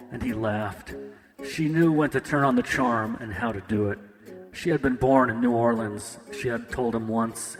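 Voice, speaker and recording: A man narrating a ghost story in a steady, even storytelling manner. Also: medium pitch, vocal fry. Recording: echoey with guitar music.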